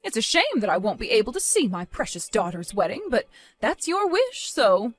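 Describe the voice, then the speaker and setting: A disappointed mother near retirement, calm, stern and reproachful, as a woman acts her out. Her voice still moves a lot in pitch. Quiet music runs underneath. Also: moderate pace. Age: 50s.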